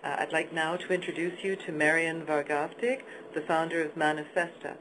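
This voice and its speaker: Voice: medium pitch, steady tone, brisk. A moderator introducing speakers at a webinar, hesitant and restarting often. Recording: noisy line.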